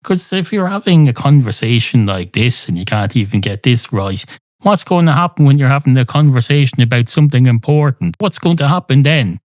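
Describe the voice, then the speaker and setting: A man's voice: medium pitch, lively intonation, fairly quick, darkish tone, no room sound, studio quality, voice pushed up, close to an everyday voice. A man voicing a pedantic male cat in a pub who lectures the barman on grammar. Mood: lecturing. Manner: fussy, lecturing about grammar.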